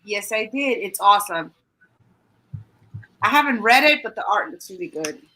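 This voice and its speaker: A woman's voice: medium pitch, expressive, normal speed, pushed and bright, a little hiss or hum, low-quality recording. A woman co-hosting a casual live-stream chat, with playful, brash banter. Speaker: co-host.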